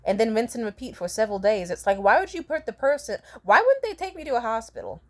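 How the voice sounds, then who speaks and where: A woman's voice: a little high, lively intonation, quick pace. A young adult woman telling a casual storytime vlog, rambling and profane, laughing often between sentences. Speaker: vlogger.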